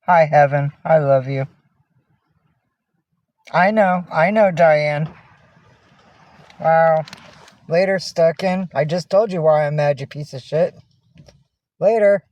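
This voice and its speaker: A woman with a deep voice talks slowly and pauses often during a casual livestream from a minivan. She swings between angry, profane rants directed at viewers and soft baby talk for her cats.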